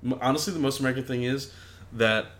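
A man's voice: medium pitch, steady tone, fast, a bit bright. A man in casual podcast chat, joking, swearing and acting out voices.

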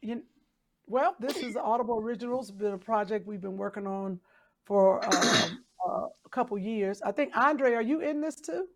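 A woman actress chatting as a podcast guest, talking with quick restarts and laughs. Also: a little high. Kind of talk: casual chat.

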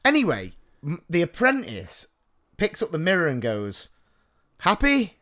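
Animated man telling a funny story. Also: a little high, moderate pace. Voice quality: animated, self-mocking, laughs through his stories. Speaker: podcast co-host. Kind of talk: casual storytelling chat.

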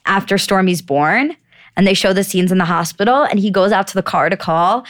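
A woman's voice: medium pitch, fairly quick. A woman co-hosting a podcast in casual chat, rambling along with lots of "like" and free swearing. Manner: rambling, heavy use of "like", swears freely. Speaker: podcast co-host.

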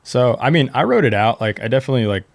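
A man's voice: medium pitch, expressive, quick pace, creaky, no echo. A young man from Pennsylvania telling a story in a casual, slangy way, full of fillers. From Reading, Pennsylvania. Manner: laid-back, slangy, lots of fillers. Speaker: guest, pro skateboarder.

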